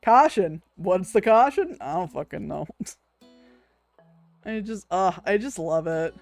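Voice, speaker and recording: A woman's voice: mid-range voice, animated, slow pace, darkish tone, no echo, faint music behind. A woman, chatting casually with her stream viewers, laughing often, swearing freely and cooing over cute things.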